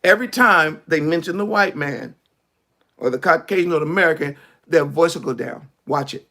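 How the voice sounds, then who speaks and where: A male preacher delivering a sermon in an easy, conversational way. His voice sits high and carries a gravelly crackle. He often sinks his voice low to drive a point home. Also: moderate pace, pushed and bright. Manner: conversational preaching, acts out quoted speech, drops his voice low for emphasis.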